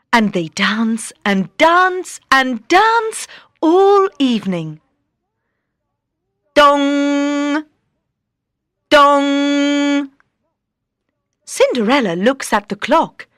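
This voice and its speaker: A woman narrating a fairy tale slowly and clearly for beginner English learners. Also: a little high, no room sound, studio quality. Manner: slow, clear, expressive. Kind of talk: slow storybook narration for beginners.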